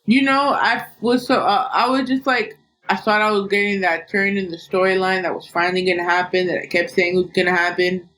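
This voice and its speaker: A woman's voice: mid-range voice, steady tone, a little fast, a bit bright. A woman hosting a casual wrestling podcast, recapping bluntly and swearing freely. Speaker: podcast host.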